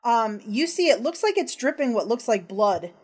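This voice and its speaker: A woman's voice: on the high side, very animated, moderate pace, a little mellow, husky. Casual woman running a horror tabletop game. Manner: descriptive, casual with fillers. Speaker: game master.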